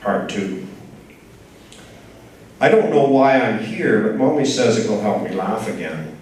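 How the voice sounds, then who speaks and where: A man reading his own short story aloud at a writers' group, in a measured, plain storytelling manner. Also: on the low side, expressive, darkish tone. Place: writers' group reading, large echoey room. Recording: very echoey room, from far off, faint noise.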